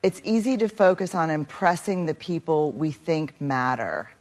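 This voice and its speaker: Female narrator, low register, measured and earnest motivational delivery. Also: a little mellow.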